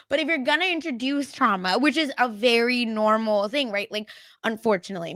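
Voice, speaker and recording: A young woman from India, co-hosting a podcast in a casual chat, animated and laughing as she acts out family quotes. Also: fairly high pitch, no echo, studio quality. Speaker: podcast co-host.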